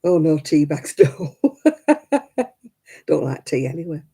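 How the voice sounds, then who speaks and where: A woman's voice: deep voice, fairly even intonation, measured pace, dark tone, slightly rough. An older woman chatting casually with viewers on a crafting livestream, rambling and laughing often. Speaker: livestream host. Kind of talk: casual live-chat crafting stream.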